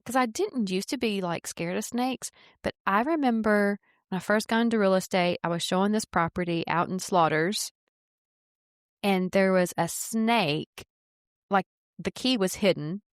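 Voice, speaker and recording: A woman realtor co-hosting a podcast, telling stories in casual chat with animated, excited delivery. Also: medium pitch, unhurried, no room sound, studio quality. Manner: animated, rising to excited bursts when telling a story.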